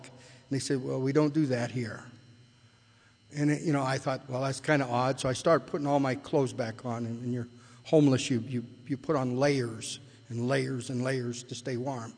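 A man's voice: medium pitch, darkish tone. An older man speaking at a recovery meeting, telling his own story in a rambling, plainspoken way with many restarts and rising heat when he retells arguments. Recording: long hall reverb.

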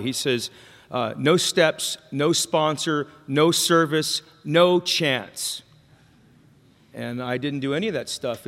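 A man telling his recovery story to a meeting, candid and self-deprecating, often stopping and restarting his sentences. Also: medium pitch. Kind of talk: personal recovery story told to an audience. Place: meeting hall with an audience. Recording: long hall reverb.

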